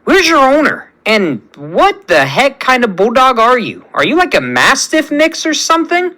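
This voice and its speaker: A man's voice: very high-pitched, huge pitch swings, moderate pace, sharp tone, voice pushed up, full character voice. A man reading a fan story aloud, voicing a cocky, lonely young man in a chatty, pleading way. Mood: excited.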